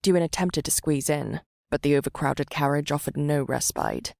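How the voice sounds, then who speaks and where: A woman reading a fantasy audiobook in measured, dramatic scripted narration. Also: deep voice, gravelly, a little mellow, no room sound, studio quality.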